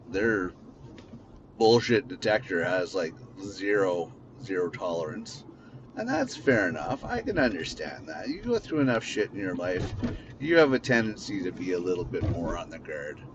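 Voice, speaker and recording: Blunt, rambling man with a lowish voice. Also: highs cut off, noisy background. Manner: blunt, rambling, swears freely. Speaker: podcast host. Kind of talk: casual unscripted monologue. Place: in a car.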